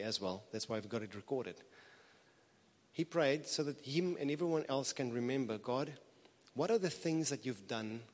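Male preacher, earnest and chatty, mid-pitched, long church reverb. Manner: earnest, conversational preaching with animated emphasis. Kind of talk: sermon. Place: church hall. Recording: reverberant hall.

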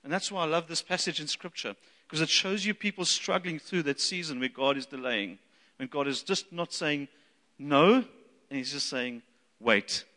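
Man, pastor, sermon, bright voice, animated, hall reverb. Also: a little high, moderate pace. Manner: animated, acts out quoted voices. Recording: long reverb of a large hall.

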